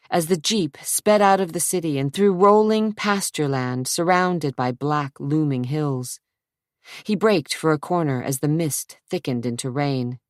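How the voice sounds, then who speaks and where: A woman narrating a suspense audiobook in a measured, steady storytelling manner. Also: sits low, no room sound, studio quality. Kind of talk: scripted narration.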